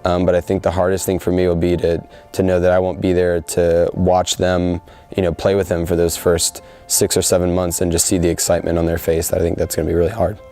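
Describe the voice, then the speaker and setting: A man's voice: low-pitched, completely flat delivery, fairly quick, warm tone, soft background music. A young man in his twenties speaking earnestly in a sit-down interview, with frequent fillers. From United States. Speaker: soldier interviewed before deployment.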